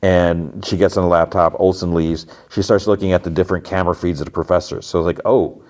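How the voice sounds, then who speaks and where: A man's voice: deep voice, fairly even intonation, fast talker, darkish tone. A man hosting a podcast, casually retelling TV episodes in a rambling way, full of fillers. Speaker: podcast host.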